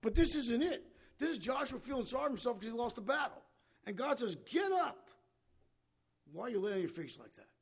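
A husky, rough-edged man teaches from the Bible in a loose, conversational way. His voice sits high, and he often asks his listeners questions as he paraphrases the scripture. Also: expressive, fast talker. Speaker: preacher.

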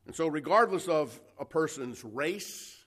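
A man's voice: on the high side, expressive, measured pace, a bit bright. A man preaching an expository sermon to a congregation, emphatic and full of rhetorical questions. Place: church service before a congregation.

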